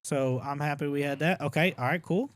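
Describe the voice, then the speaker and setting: A young man giving casual gameplay commentary as a streamer, chatty, with exaggerated complaints and excited outbursts. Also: on the high side, brisk, no room sound. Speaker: gaming streamer.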